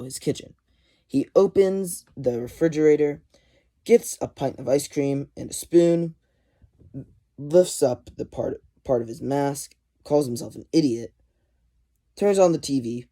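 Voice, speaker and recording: A man casually recapping a comic issue, retelling scenes animatedly and quoting characters. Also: a little high. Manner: animated retelling with quoted lines and chuckles. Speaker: comic book reviewer.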